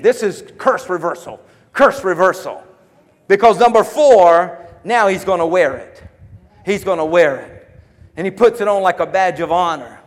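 A male pastor delivering an emphatic sermon, driving his points home by repeating lines and asking his listeners if they hear him. His voice sits very high for a man. The sound rings out with a long, echoing hall reverb. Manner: fervent, emphatic, repeats phrases, calls out to listeners.

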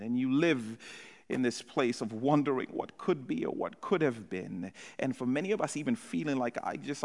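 A male pastor preaching a sermon, moving between hushed, low passages and loud, impassioned ones. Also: in a large hall.

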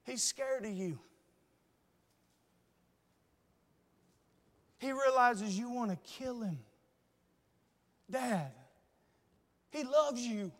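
A man's voice: very high voice, normal speed, a bit bright, clean tone, long reverb tail. A man preaching who voices an honest, loyal young prince pleading on behalf of his friend, in an earnest, repetitive manner. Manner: earnest, pleading, repeats himself.

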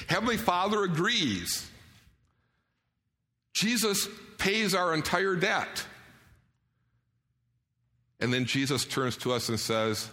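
A man's voice: high voice, very animated, takes it slowly, long pauses, bright, forceful tone, big-room sound. A man preaching a sermon in an earnest way, often putting questions to his audience.

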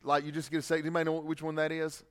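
High-voiced pastor preaching folksy. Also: male voice, monotone, racing, smooth. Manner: conversational, folksy preaching with asides and humor. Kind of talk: sermon.

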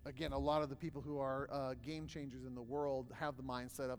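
A man's voice: mid-range voice, flat delivery, a little fast, hardly any pauses, a little hiss or hum. Man teaching a class in a reverberant hall. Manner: casual storytelling with many fillers. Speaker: workshop presenter. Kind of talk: live class talk to an audience. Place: hall with a live audience.

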